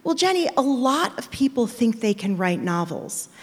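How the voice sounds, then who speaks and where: A woman's voice: fairly high pitch, big pitch swings, moderate pace. A woman voicing her dramatic, dismissive older mother in a sighing, theatrical manner, in a reverberant hall. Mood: flatly dismissive.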